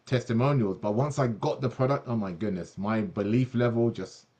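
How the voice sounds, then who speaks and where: A man's voice: mid-range voice, moderate pace, mellow. A man hosting an online product presentation, talking enthusiastically with many fillers and restarts.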